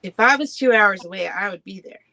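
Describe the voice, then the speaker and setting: A woman's voice: mid-range voice, a little fast, vocal fry, pushed and bright. A woman co-hosting a live stream, giggly and greeting viewers by name. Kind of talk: casual chat.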